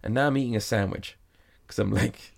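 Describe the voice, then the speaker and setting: A man's voice: fairly low pitch, brisk, vocal fry. A man guest telling a rambling anecdote in casual conversation, full of fillers and quoted exchanges. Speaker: guest, magician performer. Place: sauna.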